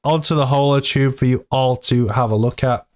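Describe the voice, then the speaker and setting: A man giving casual, excitable commentary to his viewers while reading through a crypto AMA. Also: mid-range voice, normal speed. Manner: excitable, hyped, talks to viewers as "team". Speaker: crypto vlogger.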